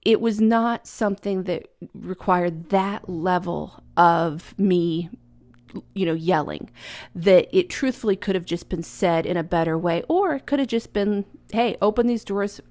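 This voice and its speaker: A woman's voice: fairly low pitch, measured pace, a little mellow. Earnest woman giving parenting advice. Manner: earnest, reflective, conversational. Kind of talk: casual advice talk.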